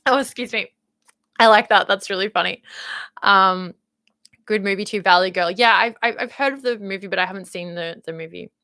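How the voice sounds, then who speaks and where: A woman's voice: mid-range voice, fairly quick, sharp tone, no room sound, studio quality. A young Australian woman with a slight Valley Girl lilt, chatting casually and rambling with lots of fillers as she reads out her live chat. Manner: upbeat, rambling, uses many fillers like "like" and "um". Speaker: YouTube host reading live chat.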